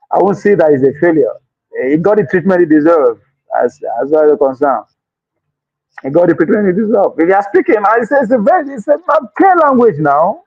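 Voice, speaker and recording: A man with a Nigerian accent giving excitable political commentary, laughing and exclaiming often and slipping into pidgin. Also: high-pitched, no echo, highs cut off. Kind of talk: animated political chat.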